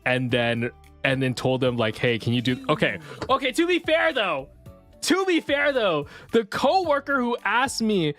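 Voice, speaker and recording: A streamer in a casual chat stream, telling stories in an animated, ranting way. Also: medium pitch, slow, soft background music.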